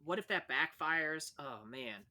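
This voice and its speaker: A man co-hosting a podcast, in casual chat with dark jokes. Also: fairly high pitch, animated, unhurried, crowd noise. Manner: joking, dark humor. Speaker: podcast co-host.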